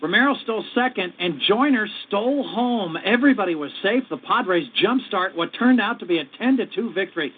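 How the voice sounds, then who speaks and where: A man's voice: sits high, animated, quick pace, hardly any pauses, husky. A man talking like a mock-pompous sportscaster on a radio show. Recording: narrow radio broadcast sound.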